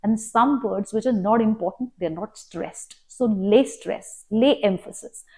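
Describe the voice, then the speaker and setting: An Indian English woman coaching students for a speaking exam. Her voice is warm and mellow, and her tone is earnest and explanatory. She sets out her tips one by one in an instructional talk. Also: medium pitch, measured pace.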